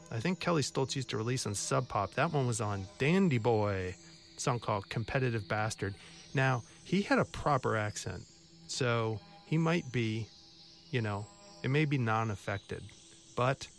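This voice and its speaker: A male radio host talks in a relaxed, wry, self-mocking way as he runs through a set list. His voice sits at a middle pitch, and music plays faintly beneath it in the studio. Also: gravelly. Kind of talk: casual radio back-announcing.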